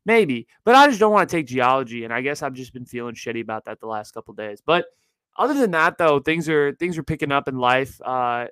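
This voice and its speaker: A young adult man hosting his own podcast from his parents' house, chatting casually in an energetic, slangy way. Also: mid-range voice, clean tone, dry recording, rough recording. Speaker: podcast host. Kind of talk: casual chat.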